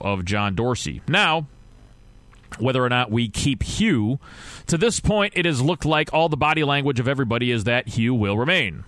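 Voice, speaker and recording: A man with a middle-range voice rants about his team on his podcast, frustrated and animated. He rambles and trips over his words as he goes. The recording is close and dry, with no room sound. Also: medium pitch, no room sound. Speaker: podcast host. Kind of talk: casual sports rant.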